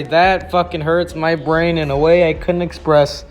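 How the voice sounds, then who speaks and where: A man's voice: a little high, flat delivery, a little slow, faint music behind. A man giving an exasperated ranting commentary on viewer comments, swearing often and restarting his sentences. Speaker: YouTube commentator.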